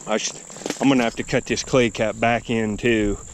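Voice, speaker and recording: A man with a fairly low voice talks in a relaxed, rambling, folksy way while he films himself outdoors. He is recorded on a camera mic. Crickets and insects are faintly heard behind him. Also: normal speed, slight background noise, rough recording. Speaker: vlogger. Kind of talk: casual outdoor vlog narration. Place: outdoors by a river and an old dump hillside.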